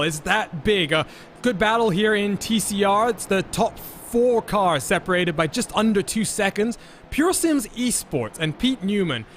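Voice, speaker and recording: A man calling live sim racing as lead commentator, with energetic play-by-play that he hands over to his co-commentators. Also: sits high, a little hiss or hum.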